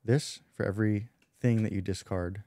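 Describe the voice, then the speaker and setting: Dark-toned man explaining a board game. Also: on the low side, fairly even intonation, moderate pace, no echo. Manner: explains card rules, playful banter. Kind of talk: casual chat at a game table. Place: indoors at a table.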